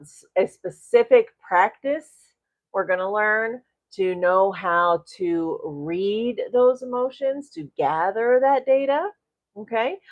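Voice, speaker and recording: A middle-aged woman with a medium-pitched voice, heard through dull audio, coaches a live-streamed self-development class. She greets viewers and often caps her points with "right?" and a chuckle.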